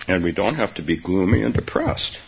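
A man giving a dharma talk as a meditation teacher, soft-spoken and halting, often laughing gently between phrases. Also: low-pitched, big pitch swings, creaky. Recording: dull, slightly hissy recording.

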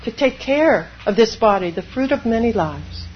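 A woman Zen priest giving a dharma talk, animated, laughing often and acting out inner voices. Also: on the high side, normal speed, highs cut off, a little hiss or hum.

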